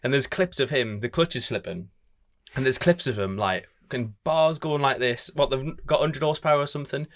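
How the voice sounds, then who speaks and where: A man's voice: medium pitch, fairly quick, fairly bright tone. A man on a podcast, teasing a co-host and swearing in casual chat.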